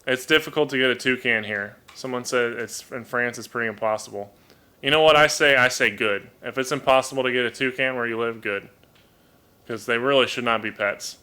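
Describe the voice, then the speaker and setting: Man, live-stream host; very bright tone, chatty, apologetic, restarts words often. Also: mid-range voice, fairly quick, clear, resonant tone. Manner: chatty, apologetic, repeats words while thinking. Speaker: livestream host and toucan keeper. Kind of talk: casual live-stream chat. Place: home room. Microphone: desk microphone.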